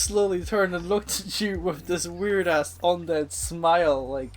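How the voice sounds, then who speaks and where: Young man telling animated gaming stories. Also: high-pitched, normal speed, hardly any pauses. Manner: animated storyteller who acts out quoted lines. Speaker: podcast co-host. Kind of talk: casual chat.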